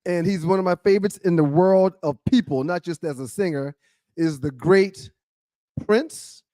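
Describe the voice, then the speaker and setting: A man co-hosting a sports talk podcast, boasting, telling stories and cracking deadpan jokes. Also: sits high, moderate pace, dry recording. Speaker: podcast co-host. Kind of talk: casual sports talk banter.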